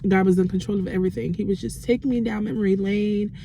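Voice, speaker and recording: A woman vlogger telling a personal faith testimony in a halting, reflective way, with frequent restarts. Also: mid-range voice, fairly even intonation, gravelly, warm tone, slight background noise.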